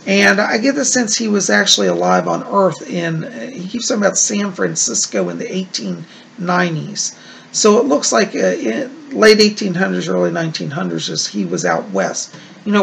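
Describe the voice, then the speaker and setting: A man's voice: high-pitched, vocal fry, a bit bright. A man hosting a psychic show, reading viewer letters in a casual, reassuring, chatty way. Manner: chatty and reassuring, with frequent "like" and "you know". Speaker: psychic medium host.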